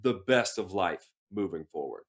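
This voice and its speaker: A man co-hosting a podcast, reading news items aloud and breaking off into animated personal anecdotes. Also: deep voice, normal speed. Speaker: podcast co-host.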